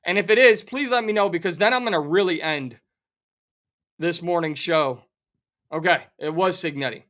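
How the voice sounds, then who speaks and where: A middle-aged man hosting a sports talk show, delivering an animated, sarcastic rant of theatrical outrage about a football game and a bet. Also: high-pitched, normal speed. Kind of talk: fired-up sports betting rant.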